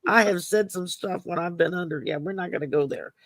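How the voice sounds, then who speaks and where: A woman's voice: lowish voice, fairly quick, no echo, studio quality. A middle-aged woman, co-hosting and telling stories in a casual chat, laughing often. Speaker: co-host.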